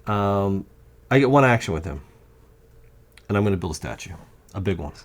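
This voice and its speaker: A man's voice: low-pitched, lively intonation, normal speed, slight background noise. A man in casual chat at a home game table, explaining rules step by step as he plays. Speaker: board game player. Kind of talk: casual chat while playing. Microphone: condenser mic.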